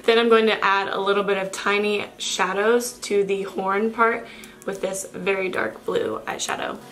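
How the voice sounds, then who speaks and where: Young woman w a cold doing a makeup tutorial, raspy n nasal, chatty, faint music behind. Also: mid-range voice, steady tone, moderate pace, fairly bright tone. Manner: chatty, self-correcting, apologetic. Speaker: makeup vlogger.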